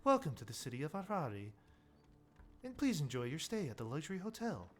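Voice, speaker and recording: A man putting on an old automated hotel system, flat and announcing, giving its notices like a machine in a fantasy tabletop game. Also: fairly high pitch, brisk, soft background music, pitched above the performer's own voice.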